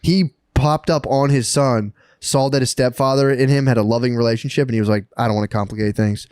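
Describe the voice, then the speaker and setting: A man co-hosting a podcast, telling a story in casual chat, excited and profane, laughing and acting out the people he quotes. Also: mid-range voice, a little fast, clear, resonant tone, no room sound, clean studio sound. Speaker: podcast co-host.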